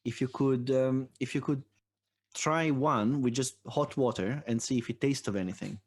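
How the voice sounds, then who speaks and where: Male co-host, mid pitch, eager and chatty with halting restarts. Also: darkish tone. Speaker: podcast co-host. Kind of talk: casual chat.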